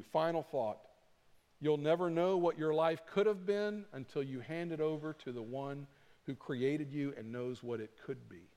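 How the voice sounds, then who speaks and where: Earnest pastor in a reverberant church. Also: male voice, moderate pace. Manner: earnest, with soft, low prayer passages. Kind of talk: sermon. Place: church sanctuary. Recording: long hall reverb.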